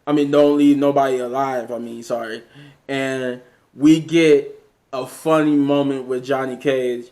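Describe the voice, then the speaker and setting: A man's voice: mid-range voice, fairly even intonation, a little slow, a little mellow. A man casually recapping a movie scene by scene, rambling with many fillers and restarts. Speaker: movie reviewer.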